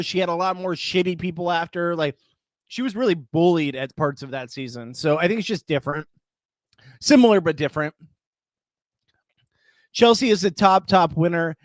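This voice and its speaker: A man with a high-pitched voice hosts a live reality show reaction stream, chatting casually, greeting viewers and laughing often. He's close to the mic and the recording is dry.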